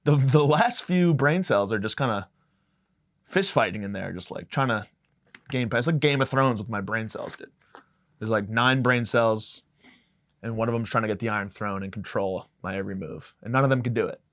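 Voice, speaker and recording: A man's voice: lowish voice, moderate pace, fairly bright tone. A young man hosting a podcast, delivering a rambling, profane comedic monologue that jumps from tangent to tangent. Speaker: podcast host.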